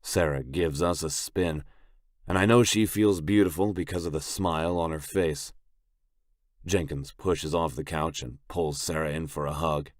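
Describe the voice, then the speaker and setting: A man reading a first-person audiobook narration in a gruff, blunt, brooding manner, close on the mic. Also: rumbling low, dry recording.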